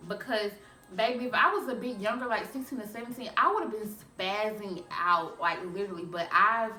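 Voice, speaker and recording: A young woman vlogger telling a storytime to her viewers in a chatty, animated way, calling them y'all. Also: medium pitch, fairly quick. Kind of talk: storytime vlog. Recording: echoey room, a bit far from mic.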